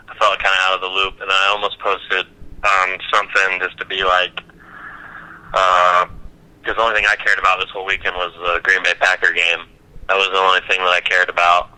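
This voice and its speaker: A young man co-hosts a podcast in a rambling, laid-back way, swearing casually. His voice is bright and sharp-edged and sits a little low. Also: low-quality recording. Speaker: podcast co-host. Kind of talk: casual chat.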